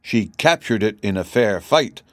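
A man's voice: fairly low pitch, lively intonation, unhurried, fairly bright tone, dry recording. A man doing a meek, sleepy gnome steward. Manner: meek, plain replies. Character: timid, weary male gnome steward. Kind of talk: audiobook character reading.

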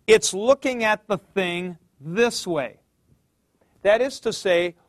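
Man, teacher, classroom lecture, high voice, slow and patient, thinks aloud, dry close sound. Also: no room sound. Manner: patient, explanatory, addresses students by name; thinks aloud with fillers and restarts.

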